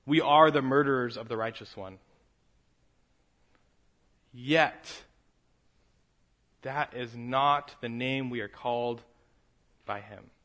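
Male pastor mid-sermon, swings from quiet and reflective to loud and fervent, medium-pitched voice. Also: slow, pauses often. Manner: builds from quiet reflection to fervent raised delivery.

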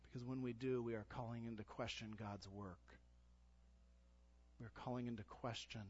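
A man pastor preaching a sermon to his church in an earnest voice that rises to loud exhortation. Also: medium pitch, fairly even intonation, normal speed. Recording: dull lo-fi sound.

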